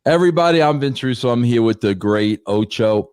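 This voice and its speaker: A man's voice: medium pitch, animated, brisk, darkish tone, clean tone, no room sound, studio quality. A man hosting a live-streamed podcast in a brash, casual way, peppering his talk with "bro". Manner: brash, repeats "bro" a lot. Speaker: podcast host.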